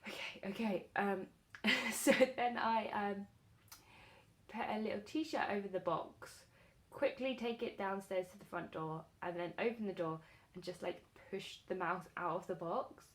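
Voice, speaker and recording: A woman beauty vlogger chatting casually while doing her makeup, telling an animated story full of fillers. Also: mid-range voice, unhurried.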